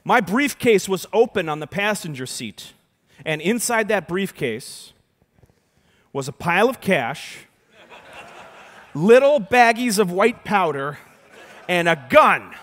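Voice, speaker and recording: Animated man telling a story. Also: sits high, takes it slowly, pauses often. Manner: animated storyteller, acts out voices, swings from hushed to loud. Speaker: keynote speaker and magician. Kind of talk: storytelling keynote talk. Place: large conference hall. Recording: reverberant conference hall.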